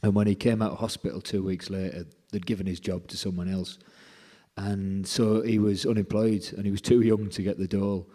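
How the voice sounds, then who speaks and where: A folk musician being interviewed, retelling a story with lively quoted dialogue. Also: male voice, fairly low pitch, brisk.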